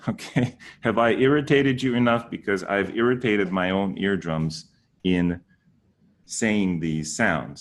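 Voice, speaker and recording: Casual male teacher, slightly low voice, teasing, mock-exasperated delivery. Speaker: Sanskrit teacher. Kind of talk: casual spoken tutorial.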